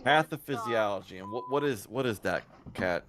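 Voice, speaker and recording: Man with a low voice, casual livestream chat. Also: normal speed, noisy background. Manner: profane, joking, talks over his co-host. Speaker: stream co-host. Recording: music playing behind the voice.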